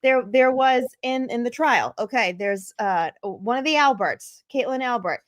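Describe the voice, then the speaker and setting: Woman co-host, high voice, dry sound, plain questions. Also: unhurried, no room sound. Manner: asks questions plainly, reads chat. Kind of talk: casual chat.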